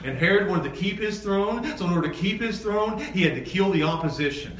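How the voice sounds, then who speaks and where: A man preaching a sermon as pastor, animated, swinging from loud excited peaks to low emphatic lines. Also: brisk, few pauses. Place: church sanctuary. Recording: echoey church hall from far off, faint ambience.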